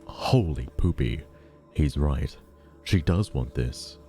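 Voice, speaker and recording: A man's voice: very deep voice, lively intonation, takes it slowly, dark tone, faint music behind. A man casually reading a novel aloud, breaking off for irreverent, profane asides. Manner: irreverent, swears, breaks off to joke.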